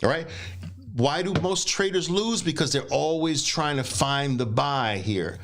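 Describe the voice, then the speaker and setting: A man's voice: a little high, moderate pace, a bit bright. A middle-aged man running a live trading seminar, emphatic and teasing, with punchy exclamations. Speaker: trading instructor.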